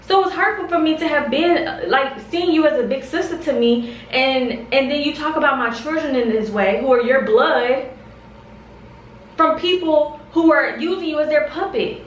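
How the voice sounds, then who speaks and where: A woman's voice: high voice, normal speed, hardly any pauses, echoey room, far from the mic, slight background noise, poor audio. A young woman vlogger speaking straight to camera, heated and confrontational, repeating her points for emphasis. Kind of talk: direct-to-camera storytime rant.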